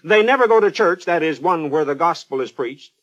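A man's voice: on the high side, expressive, fairly quick, fairly bright tone, dull audio. A man preaching a radio sermon, fervent and pleading, putting pointed questions straight to the listener.

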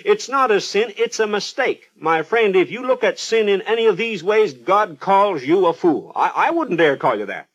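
Guy doing a radio sermon, high voice, fervent and pleading, keeps asking the listener questions. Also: lively intonation, normal speed, few pauses, fairly bright tone, breathy edge. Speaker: radio preacher.

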